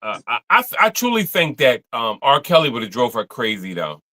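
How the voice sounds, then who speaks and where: A man's voice: mid-range voice, wildly swooping pitch, normal speed, sharp tone. A man co-hosting a livestream, chatting casually in slang, laughing and stammering. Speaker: co-host of a livestream watch-along. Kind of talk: casual chat reacting to a livestream.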